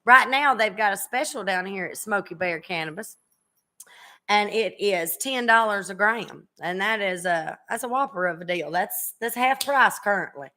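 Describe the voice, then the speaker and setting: A woman's voice: medium pitch, expressive, moderate pace, pushed and bright. A woman in her thirties hosting a casual podcast chat, chatty and teasing, with a drawl and frequent fillers. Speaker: podcast host.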